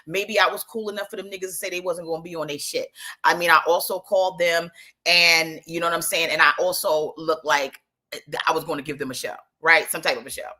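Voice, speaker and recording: A young woman telling a story in a casual monologue, animated and emphatic, often restarting her sentences. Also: on the low side, a little fast.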